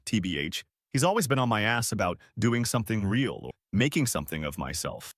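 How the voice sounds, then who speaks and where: Man in his 20s, casual slangy story narration, lively pitch, dry close sound. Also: dry recording. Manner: casual, slangy, spelled-out abbreviations. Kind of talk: first-person story narration.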